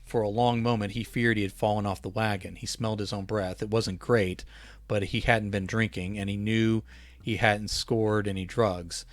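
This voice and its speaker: Author reading his holiday story; low voice, dry close sound, unhurried with small restarts. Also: dry recording. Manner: relaxed reading with small self-corrections.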